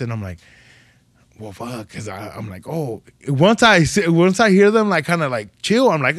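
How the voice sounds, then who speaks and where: A comedian guest, telling stories in a slangy, profane, animated way on a podcast. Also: male voice, medium pitch, moderate pace, gravelly, no room sound. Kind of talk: casual podcast chat.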